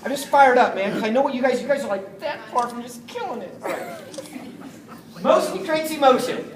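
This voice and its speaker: A man giving an energetic, jokey sales training talk to a live group, often acting out phone calls. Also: extremely high pitch, moderate pace, recorded from a distance. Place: meeting room with an audience. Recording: echoey room, voice from afar, faint noise.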